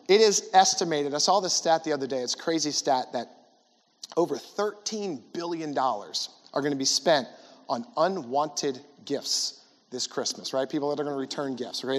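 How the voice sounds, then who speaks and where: A fairly high-voiced man in his forties gives a chatty chapel talk to students. He keeps asking the audience questions and checking in with "right?". His voice rings out with a long reverb in a large school hall. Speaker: guest speaker at a school chapel.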